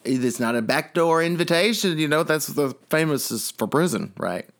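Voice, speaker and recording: Animated, jokey male radio co-host. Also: on the high side, moderate pace. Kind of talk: comedic radio banter.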